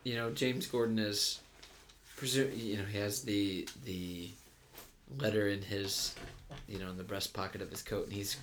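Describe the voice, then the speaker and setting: A man's voice: fairly low pitch, little pitch movement, normal speed, a bit bright, a little hiss or hum. A man co-hosting a casual talk about movies, rambling with lots of fillers and restarts. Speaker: podcast co-host.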